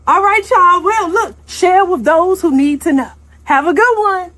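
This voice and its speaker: High, sassy, taunting woman. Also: a little slow, a bit bright. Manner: taunting, sing-song, repeats "okay?". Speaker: live stream host. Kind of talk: sassy monologue.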